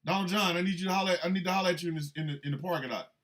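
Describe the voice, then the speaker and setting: A man's voice: high-pitched, racing, a bit bright. A man playing a riled-up male senator who keeps calling a rival out to the parking lot, with insistent, repetitive taunting.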